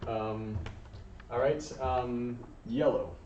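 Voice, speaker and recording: A man teaching a Spanish lesson to a class, patient and encouraging, often pausing with ums and uhs. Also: mid-range voice, fairly even intonation, warm tone, a little hiss or hum. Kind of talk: classroom lesson, calling on students. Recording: distant, echoey, dull room recording.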